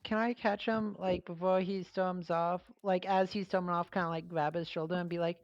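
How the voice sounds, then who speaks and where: A woman player in a tabletop game, earnest and animated, speaking quickly when in character. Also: lowish voice, highs cut off. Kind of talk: tabletop role-play.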